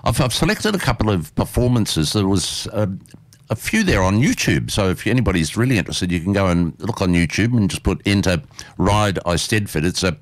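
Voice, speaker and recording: Australian male radio host, deep-ish and animated, dry studio sound, casual interview. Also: a little fast, no room sound. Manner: chatty, enthusiastic, lively.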